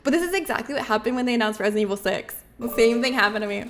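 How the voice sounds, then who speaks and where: A woman streamer with a high, bright voice talks casually with her live chat. She is bubbly and chatty, laughing often as she reads messages aloud. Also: very fast, a little hiss or hum.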